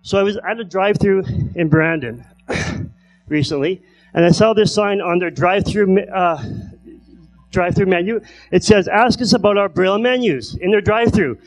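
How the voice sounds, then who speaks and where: A man doing stand-up comedy who stutters, telling stories with repeated word starts and long pauses. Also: sits high, low-quality recording. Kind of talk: stand-up storytelling.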